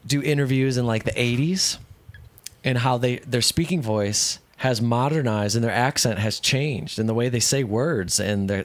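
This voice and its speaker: Chatty rambling male co-host. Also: mid-range voice. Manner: rambling, musing, laughs often. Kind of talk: casual chat.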